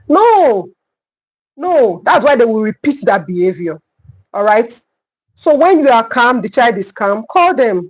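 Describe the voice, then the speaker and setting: A woman's voice: a little high, very animated, a little slow, low-quality recording. A middle-aged woman with a Nigerian English accent, a clinical psychologist teaching a live online parenting class, emphatic and repeating her key points.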